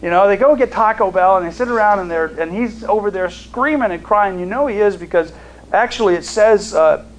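A man teaching a Bible study in a conversational way. He reads scripture aloud and pauses to explain it, with fillers and restarts. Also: high voice, slight background noise, low-quality recording. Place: seated, studying notes.

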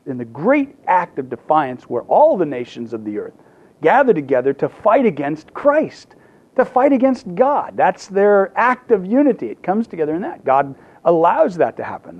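Male preacher, slightly high voice, humorous storytelling sermon, muffled lo-fi recording. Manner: lively storytelling with humor and restarts. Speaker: pastor.

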